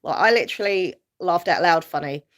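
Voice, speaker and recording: Talking a bit fast in a fairly low voice, a woman hosting a YouTube live stream reads out comments from viewers and replies to each. Her chat is casual and meandering, full of fillers and soft laughter.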